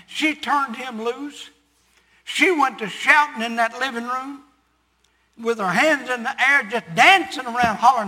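An older male preacher with a high, bright voice tells his story from the pulpit, swelling into loud, emphatic sermon delivery. His voice rings out with a long reverb in a large hall. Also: moderate pace, husky.

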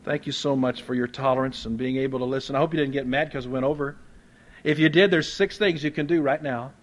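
A man preaching a sermon as a Baptist pastor, conversational and folksy, with humorous asides, swinging between loud emphasis and soft quiet moments. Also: medium pitch, fairly even intonation, fast talker.

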